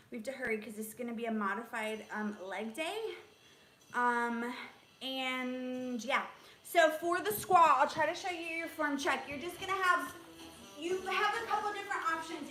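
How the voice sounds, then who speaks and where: A young woman leading a live home workout, counting reps and chatting with viewers in an upbeat way. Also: sits high. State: out of breath at times. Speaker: fitness instructor. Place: home room. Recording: very echoey room, distant mic, music behind.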